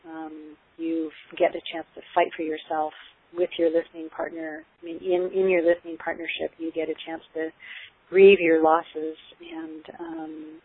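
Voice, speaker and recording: A woman's voice: sits low, little pitch movement, moderate pace, breathy edge, dry recording. Woman over a tinny phone line. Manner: earnest, explanatory, with frequent ums and restarts. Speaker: parenting expert guest. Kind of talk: conversational advice on a call.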